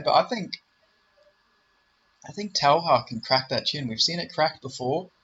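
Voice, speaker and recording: A man's voice: medium pitch, bright, forceful tone, lo-fi sound, slight background noise. A young man giving casual solo commentary, rambling and confident, full of fillers and self-corrections. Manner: confident, enthusiastic. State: voice briefly giving out. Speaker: MMA predictions YouTuber.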